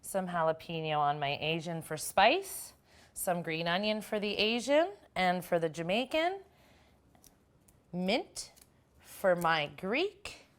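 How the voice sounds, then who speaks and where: A woman's voice: lowish voice, animated, slow pace. A woman hosting a cooking show, chatting in an upbeat way as she works through a recipe. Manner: chatty, upbeat, talks while working. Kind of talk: casual cooking demonstration.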